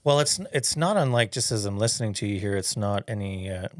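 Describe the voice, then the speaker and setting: Lower-voiced man hosting a relaxed interview. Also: brisk, no echo, clean studio sound. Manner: relaxed, conversational, with fillers. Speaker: podcast host. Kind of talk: casual interview conversation.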